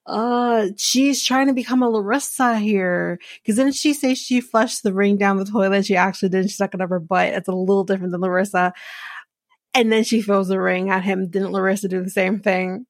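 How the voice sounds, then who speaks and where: A woman's voice: medium pitch, no echo. A woman podcast host giving a casual, blunt and sarcastic recap of a reality show, swearing freely. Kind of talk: casual commentary.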